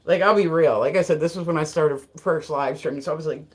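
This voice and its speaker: A woman's voice: lowish voice, a little fast, hardly any pauses. A woman live streaming in a casual, rambling, frank and joking way, with lots of filler words.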